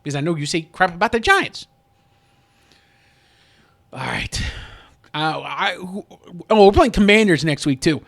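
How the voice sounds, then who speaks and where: Frustrated, rambling man with a highish voice. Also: expressive, measured pace, vocal fry, pauses often, a bit bright. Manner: rambling, frustrated, frequent restarts. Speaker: sports fan vlogger. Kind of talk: casual venting vlog.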